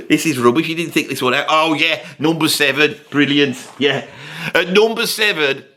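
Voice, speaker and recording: A man's voice: on the high side, normal speed, pushed and bright, slight background noise. A man playing a grumpy Birmingham rock veteran in his sixties, with a Birmingham accent, rambling, swearing constantly and grumbling in a comic rant. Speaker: comedy character.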